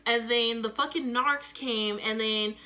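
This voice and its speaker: A young woman tells a story straight to the camera. Her voice is bright and forceful and sits a bit high. She swears freely and acts out the quotes loudly. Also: fairly even intonation, a little slow. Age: young adult. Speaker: vlogger. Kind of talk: casual storytime.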